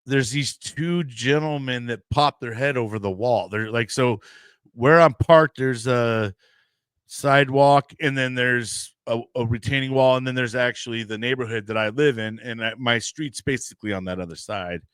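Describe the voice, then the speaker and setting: A man's voice: mid-range voice, moderate pace, clean tone, no room sound, clean studio sound. A young American man, a podcast host, rambling through a casual story and acting out what other people said. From United States. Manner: rambling, animated storyteller acting out quoted voices.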